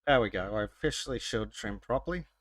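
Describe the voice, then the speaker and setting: A man hosting a podcast in casual chat, wry and sarcastic, with halting restarts. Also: on the low side, lively intonation, a bit bright, no room sound. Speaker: podcast host.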